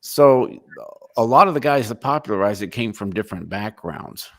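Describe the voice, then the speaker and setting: A middle-aged man on a Christian livestream panel, explaining church history in a steady, matter-of-fact way. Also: lowish voice, normal speed, no echo, studio quality. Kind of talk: casual discussion.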